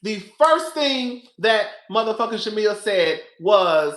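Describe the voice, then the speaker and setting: Animated chatty man with a bright high voice. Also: a little slow, reverberant. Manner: animated, chatty, addresses viewers as girl and baby. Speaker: reality TV commentator. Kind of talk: casual commentary to viewers.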